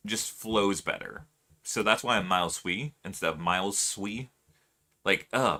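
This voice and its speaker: A man's voice: low voice, unhurried, bright, forceful tone. A man streaming live, chatting casually with his viewers, laughing often and musing aloud.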